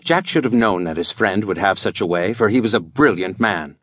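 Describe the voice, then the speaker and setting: A man reading an adventure audiobook as scripted narration, with animated storytelling. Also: low voice, fairly quick, hardly any pauses, slightly rough, dry recording.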